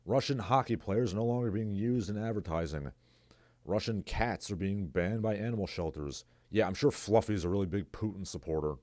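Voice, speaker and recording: A man's voice: fairly low pitch, brisk, darkish tone, dry recording. A man hosting his own livestream, talking alone in a sarcastic, rambling way and reading out viewers' chat messages. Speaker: livestream host. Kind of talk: casual solo commentary.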